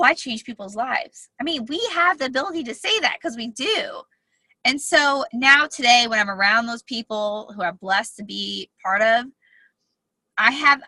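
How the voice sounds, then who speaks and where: A woman's voice: a little high, bright, forceful tone, no room sound, poor audio. A woman speaking as a health coach, giving a heartfelt, rambling personal testimonial from inside a parked car. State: emotional.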